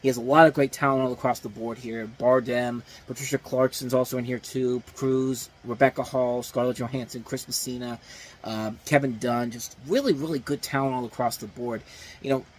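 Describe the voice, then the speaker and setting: Husky man rambling through movie reviews. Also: mid-range voice, normal speed, poor audio. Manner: rambling, many fillers and restarts, animated emphasis. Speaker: movie review show host. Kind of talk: casual spoken movie review.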